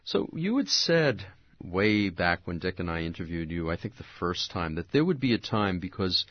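A man's voice: deep voice, very animated, moderate pace, dry recording, highs cut off. A man conducting an interview who asks thoughtful, probing questions. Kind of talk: interview conversation.

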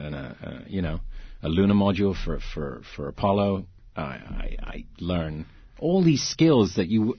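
An actor being interviewed tells animated anecdotes in conversation, acting out quoted voices and laughing often. His voice is deep, low, and husky, recorded dry and slightly dull with no room sound.

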